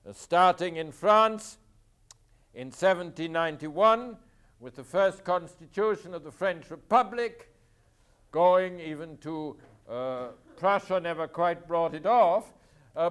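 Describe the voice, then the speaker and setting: A man with a high voice lectures on history to a class. He speaks emphatically, poses rhetorical questions and answers them himself, and repeats his key points to drive them home. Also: slow pace, clean tone.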